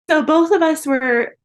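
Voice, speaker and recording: A young adult woman, a guest in an interview, earnestly telling a personal story and laughing often between the hard moments. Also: a little high.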